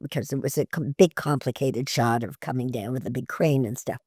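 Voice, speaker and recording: An older actress, a guest in an interview, tells lively anecdotes, laughs often and acts out the voices of people in her stories. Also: a bass voice, fairly quick, hardly any pauses, slightly rough, dry recording, clean studio sound.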